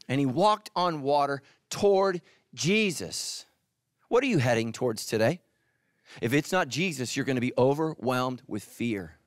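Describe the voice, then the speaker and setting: A middle-aged male pastor preaching a sermon, animated, swinging from loud emphatic peaks to hushed, quiet lines. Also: mid-range voice, normal speed, no echo, studio quality. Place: church stage.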